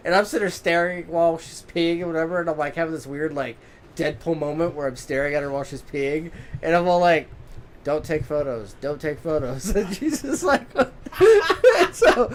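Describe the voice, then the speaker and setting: Male co-host, laughing, profane storyteller, a bit high, faint background noise. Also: fairly quick. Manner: giggly, animated, swears freely. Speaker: podcast co-host. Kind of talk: casual storytelling.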